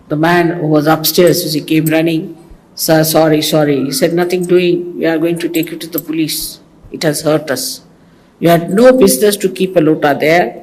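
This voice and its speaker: An older woman with an Indian accent, a spiritual teacher giving an informal talk full of rambling stories, asides and gentle mockery, heard in an archival recording. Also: on the low side, low-quality recording.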